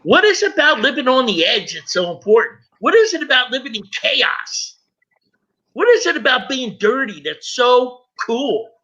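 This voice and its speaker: A middle-aged man, a guest, telling his personal story with emotion, halting and repeating words as he goes. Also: very high-pitched, big pitch swings, bright, forceful tone. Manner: halting, stumbles and repeats words when moved. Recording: dull lo-fi recording.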